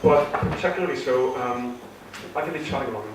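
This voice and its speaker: Nervous stand-up comedian. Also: male voice, mid-range voice, fairly quick, background noise. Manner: nervous, rambling, many fillers and restarts. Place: theatre stage with a live audience. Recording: echoey hall recorded from far off.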